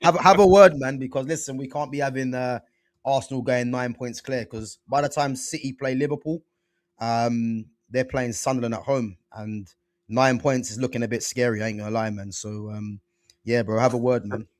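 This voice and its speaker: On his casual football chat show, a young male podcast host talks at a normal speed in a mid-range voice with fairly even intonation. His style is easygoing and full of slang, with "man" and "bro" popping up often.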